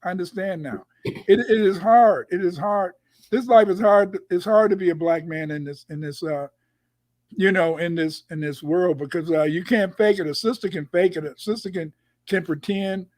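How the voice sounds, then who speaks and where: A man's high voice, darkish in tone and at normal speed, comes through with no echo. He's a guest commentator in casual conversation over video call, rambling through stories and frequently repeating himself.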